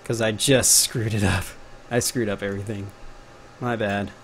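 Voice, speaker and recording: This young man from Texas has a fairly low, slightly bright voice with a flat delivery, a Texan accent, and normal speed, over slight background noise. He's a game developer giving a casual live-stream tutorial, chatting and joking and muttering to himself as he works.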